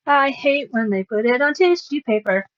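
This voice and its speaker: A woman's voice: sits high, lively intonation, moderate pace. Sarcastic chatty woman streamer, muffled. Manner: rambling, sarcastic, self-mocking asides. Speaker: livestreamer.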